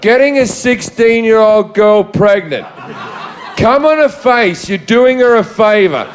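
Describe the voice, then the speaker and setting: Man, high-pitched, comedian, deadpan, crude one-liners, live show. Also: a little slow. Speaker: comedian and podcast co-host. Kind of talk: live comedy podcast banter. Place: live show on stage before an audience.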